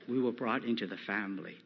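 A man preaching a sermon, slow and emphatic, rising loud when he quotes scripture. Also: fairly low pitch, gravelly, dull audio, slight background noise.

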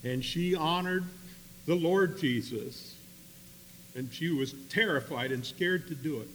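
A man telling a story in a sermon, swinging between loud emphatic bursts and quiet asides. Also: fairly high pitch, a little slow. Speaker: preacher. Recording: long hall reverb with faint hum.

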